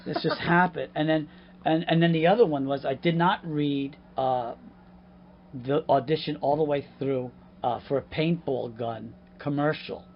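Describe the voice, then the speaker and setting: A man, a podcast guest and comedian, telling animated stories in casual chat, outdoors at a harbor. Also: on the high side, moderate pace, a little hiss or hum. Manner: animated, acts out voices in his stories. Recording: dull lo-fi outdoor recording with faint ambience.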